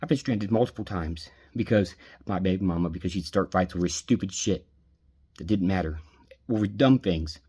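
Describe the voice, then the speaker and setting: Man, husky and slightly low voice, bitter profane rant at an ex-friend. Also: moderate pace, dark tone. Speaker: vlogger venting. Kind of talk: angry personal rant.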